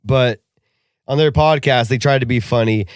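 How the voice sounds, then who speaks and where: A man's voice: mid-range voice, normal speed, no echo, studio quality. Profane ranting podcast co-host man. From Russia. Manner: profane, animated ranting with frequent laughs. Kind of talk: casual chat.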